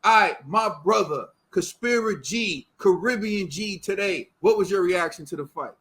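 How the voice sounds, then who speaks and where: A man's voice: high voice, normal speed, a bit bright. A man hosting a casual boxing talk show, laid-back and teasing his co-hosts. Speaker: podcast host.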